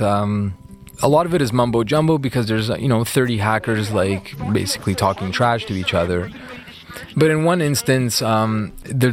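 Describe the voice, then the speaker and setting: A man interviewed about his past, retelling events casually with lots of fillers. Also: lowish voice. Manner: relaxed, filler-heavy retelling with acted quotes. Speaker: interview guest. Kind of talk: casual storytelling.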